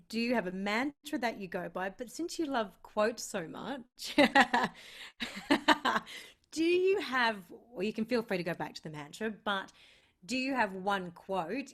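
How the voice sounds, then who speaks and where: A woman's voice: mid-range voice, lively intonation, a little slow, a bit bright. A woman hosting an interview, asking her guest questions and responding with encouragement. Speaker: podcast host. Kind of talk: casual interview chat.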